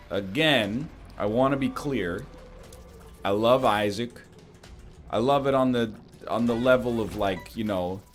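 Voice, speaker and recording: A young adult man talking through a game in rambling, self-deprecating casual commentary, jumping to sudden exclamations. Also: lowish voice. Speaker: gaming commentator. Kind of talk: casual let's-play commentary. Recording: faint music behind.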